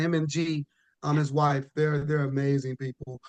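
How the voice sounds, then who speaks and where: Podcast guest, male: easygoing and rambling, restarts a lot, pitched a touch high. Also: moderate pace. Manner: relaxed, rambling with frequent restarts and "you know". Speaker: podcast guest, pro bodybuilder. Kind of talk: casual podcast chat.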